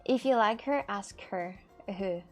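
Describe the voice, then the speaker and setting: A woman makes clay crafts on a live stream, chatting casually with viewers in a rambling, repetitive way with a lilt. Her mid-range voice keeps a measured pace over soft background music.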